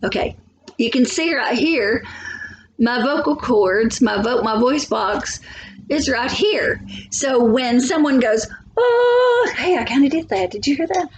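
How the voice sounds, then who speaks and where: A woman's voice: on the high side, unhurried, slight background noise, rough recording. A woman teacher giving a biology lesson from home, chatty, thinking aloud and asking for agreement.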